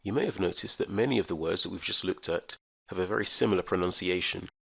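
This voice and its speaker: Slow, gravelly low-voiced male teacher. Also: a bit bright, no echo. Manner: slow, careful, enunciated delivery. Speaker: English teacher. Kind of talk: scripted pronunciation lesson.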